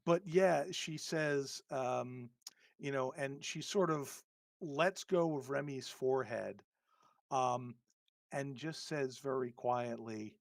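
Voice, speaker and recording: A man acting as game master for a tabletop horror game, describing scenes in a halting way with many ums and restarts. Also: mid-range voice, vocal fry, no room sound, clean studio sound.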